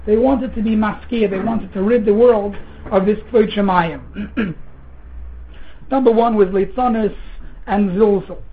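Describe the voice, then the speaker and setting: Guy teaching torah, earnest, stumbles and repeats, clears throat, sounds tinny like a phone. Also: high-pitched, slow pace. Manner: earnest, repeats words, mixes Hebrew terms into English, clears throat often. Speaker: rabbi giving a Torah lecture. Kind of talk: sermon.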